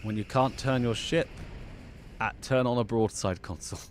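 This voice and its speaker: A man's voice: medium pitch, moderate pace, slight background noise. A man co-hosting a casual livestream show, chatty, often stumbling into restarts. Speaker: podcast co-host.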